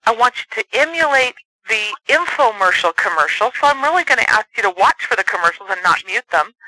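A man's voice: high voice, pushed and bright, dry recording, low-quality recording. A man giving a motivational sales training talk in an earnest coaching manner, acting out short voices as examples.

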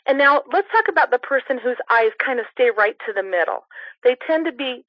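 A woman's voice: high-pitched, animated, fairly quick, no echo. A woman leading a sales training on a conference call, coaching in an upbeat way and demonstrating voice tones. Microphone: telephone. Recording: muffled dry phone-call audio.

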